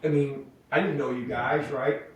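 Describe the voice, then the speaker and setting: A middle-aged man, telling rambling, profane stories as a podcast guest, animated when he quotes people. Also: medium pitch, moderate pace. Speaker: podcast guest, wildlife removal business owner. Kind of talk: casual storytelling. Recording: echoey room, mic at a distance.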